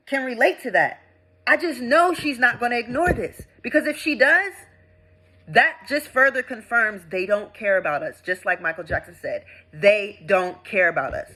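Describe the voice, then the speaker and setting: Emphatic indignant woman, bright voice. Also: low-quality recording. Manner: emphatic, indignant, swings between loud outbursts and low mutters. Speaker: veteran vlogger. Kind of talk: impassioned vlog rant.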